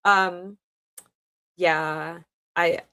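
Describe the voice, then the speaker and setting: A young woman hosts a casual livestream, reading viewer comments aloud and answering them. Her voice sits a little low for a woman, and she talks in a loose, chatty way with frequent laughs and ums. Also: fairly even intonation, extremely slow, creaky, sharp tone, clear, resonant tone. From New York State. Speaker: livestream host.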